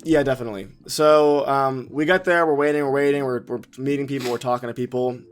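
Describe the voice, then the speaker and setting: A man's voice: medium pitch, fairly even intonation, fast, slight background noise. Laid-back young man on a podcast. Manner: laid-back, filler-heavy recounting. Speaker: podcast co-host. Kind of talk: casual podcast chat.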